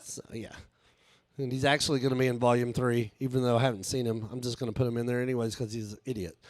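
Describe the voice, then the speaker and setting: A man's voice: mid-range voice, little pitch movement, fast, no echo. A man doing a rambling, crude stand-up set on a live stage, laughing at his own jokes. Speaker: stand-up comedian and author.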